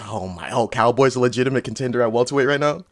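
Guy on a podcast talking fast, blunt and sure of himself. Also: medium pitch. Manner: blunt, confident, opinionated. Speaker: guest. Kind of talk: casual podcast interview.

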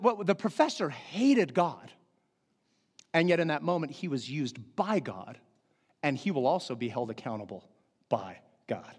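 Emphatic high-voiced male preacher. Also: big-room sound. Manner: earnest, emphatic, repeats key phrases. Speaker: pastor. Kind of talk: sermon.

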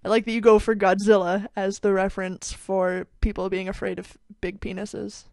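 A woman's voice: medium pitch, level tone, normal speed, a little mellow, no room sound. A woman co-hosting a podcast in casual chat, with dry, wry humor. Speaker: podcast co-host.

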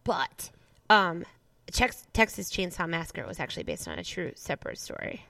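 Lively, chatty female co-host. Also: fairly low pitch, normal speed, creaky, dry recording, distant mic. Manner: laughs often, chatty. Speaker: podcast co-host. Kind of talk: casual podcast chat.

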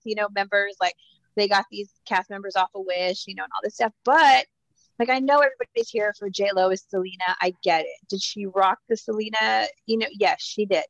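A woman from Corpus Christi, Texas, co-hosting a casual pop-culture podcast, talking in an animated, gushing way with lots of fillers. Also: mid-range voice, fairly quick, no room sound, muffled recording. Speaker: podcast co-host.

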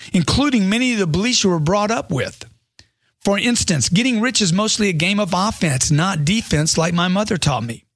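A man's voice: on the high side, a bit bright, no room sound, clean studio sound. A man reading a motivational money book aloud with a punchy, emphatic delivery.

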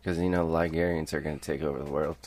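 Casting: young adult male co-host, low voice, playful and crude teasing. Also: fairly even intonation, rapid-fire, darkish tone. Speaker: podcast co-host. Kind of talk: casual banter among friends.

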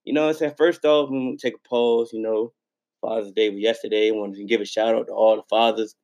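A man's voice: on the low side, fairly even intonation, fast, a little mellow. A man co-hosting a sports podcast, talking in a hyped, slangy, teasing way. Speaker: podcast co-host. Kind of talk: casual sports podcast chat.

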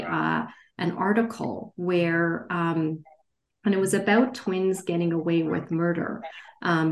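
Lower-voiced woman author with a roomy echo. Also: gravelly. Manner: hesitant, many fillers and restarts. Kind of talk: reading her novel aloud, then interview answers. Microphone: video call.

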